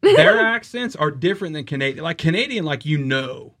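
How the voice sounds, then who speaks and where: A man's voice: fairly high pitch, a little fast. A man hosting a podcast, joking and swearing freely, with a Kentucky accent. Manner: profane, joking, animated. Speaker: podcast host. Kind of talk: casual chat.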